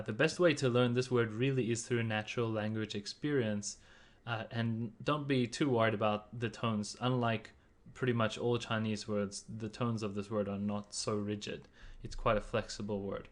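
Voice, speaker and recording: A man's voice: mid-range voice, a bit bright. A man narrating a slide-based language lesson in an explanatory manner, voicing example sounds in varied tones. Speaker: language teacher.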